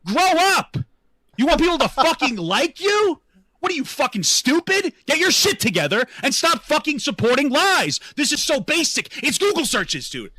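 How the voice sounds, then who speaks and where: A man rants in angry, profane commentary on a livestream, his voice pitched very high and bright. His delivery is swinging and animated, heavy with sarcasm. The sound is close and dry. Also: normal speed, no echo.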